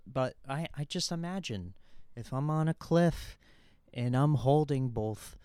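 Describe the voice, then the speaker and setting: A man's voice: lowish voice, darkish tone, no room sound, clean studio sound. A man hosting a podcast in casual chat, rambling and self-mocking, with many restarts and stammered repeats. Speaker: podcast host.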